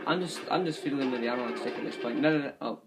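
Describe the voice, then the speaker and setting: A man's voice: mid-range voice, racing, noisy background. A young man in his twenties giving casual, rambling gameplay commentary, chatty and swearing now and then. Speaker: gaming commentator. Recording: game music playing behind.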